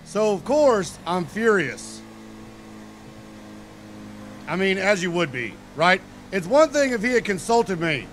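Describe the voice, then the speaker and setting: High-voiced man ranting through a story. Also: sing-song, slow, long pauses, slight background noise. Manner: profane, exasperated, swings into loud outbursts. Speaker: streamer telling a story. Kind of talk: casual storytelling to chat.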